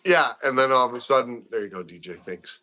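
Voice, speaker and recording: A man chatting as an interview guest, telling fishing stories excitedly and acting out his own reactions. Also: medium pitch, a little fast. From Wisconsin. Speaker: guest, father of a young angler. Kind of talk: casual chat, animated fishing stories.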